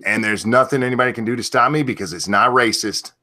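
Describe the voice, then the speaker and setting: A man hosting a live stream chat, joking and irreverent with quick asides. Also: mid-range voice, bright, forceful tone. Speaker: stream host.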